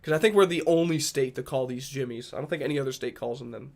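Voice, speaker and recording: A man's voice: mid-range voice, quick pace, a little mellow. A man from Rhode Island chatting casually with viewers on a livestream, rambling and joking with a fair amount of profanity. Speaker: streamer.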